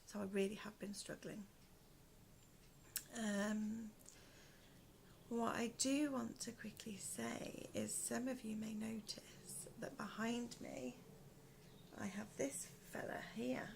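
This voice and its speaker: Gravelly British woman, hoarse and slow, soft near-whispered home podcast chat; faint room noise. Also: on the high side, fairly even intonation. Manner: soft-spoken, often trailing into a whisper. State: in pain, hoarse from asthma. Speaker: podcast host. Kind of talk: casual chat to camera. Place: one room at home, indoors.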